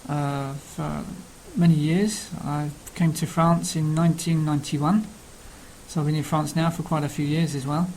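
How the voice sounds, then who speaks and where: A man's voice: on the high side, level tone, moderate pace, darkish tone, slight background noise, low-quality recording. Chatty Cockney man with hesitant ums. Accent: Cockney London. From England. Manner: rambling, many ums and uhs. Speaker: language learning speaker. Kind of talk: casual self-introduction.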